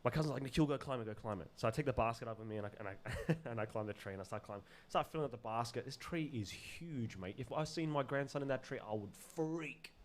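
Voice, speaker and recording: A man telling stories as a podcast guest, animated and loose with slang and swearing, laughing often. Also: medium pitch, quick pace, hardly any pauses. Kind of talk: casual storytelling in an interview.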